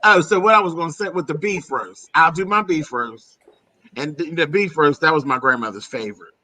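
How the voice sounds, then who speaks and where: A man's voice: a little high, fairly quick, sharp tone. A man from Pennsylvania hosting a casual chat, talking easily and laughing, calling people honey and girl. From Pennsylvania, USA. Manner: chatty, laughing, calls listeners honey and girl. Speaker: host.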